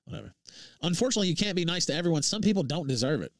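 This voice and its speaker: A man hosting a livestream, reading out tweets and breaking into a loud, profane rant. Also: a little high, very animated, racing, no echo, clean studio sound. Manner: profane, heated, laughs between lines. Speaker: livestream host.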